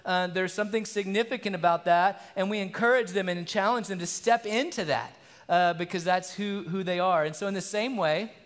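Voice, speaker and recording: A male pastor with a notably high voice delivers a sermon in an earnest, conversational manner. His words ring out with a long reverb from a church hall. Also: a little fast. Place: church sanctuary.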